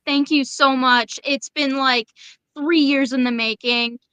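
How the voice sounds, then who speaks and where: A woman's voice: high voice, steady tone, measured pace, a bit bright, clear, resonant tone, dry recording, lo-fi sound. A woman in her twenties, a podcast guest, speaking casually and hesitantly with many fillers and restarts. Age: 20s. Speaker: interview guest. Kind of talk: casual interview chat.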